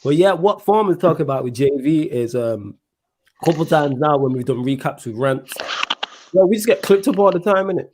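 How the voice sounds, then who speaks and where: A young man, co-hosting a football watchalong in casual chat, slangy and excitable, swearing freely. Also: on the high side, brisk, slight background noise. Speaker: watchalong co-host.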